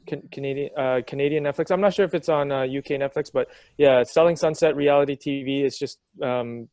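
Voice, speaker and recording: Male guest, mid pitch, stop-start speech, dry close audio. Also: a little mellow, no room sound. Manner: halting, with fillers. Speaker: guest filmmaker. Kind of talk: casual interview chat.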